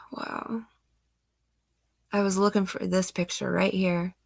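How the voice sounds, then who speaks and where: A woman's voice: medium pitch, flat delivery, moderate pace, vocal fry, no echo. A young woman host, emotional and near tears, talking casually about missing-child cases. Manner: emotional, tearful, sighing, soft-spoken. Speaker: true crime channel host. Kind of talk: casual commentary on missing-child cases, reading news aloud.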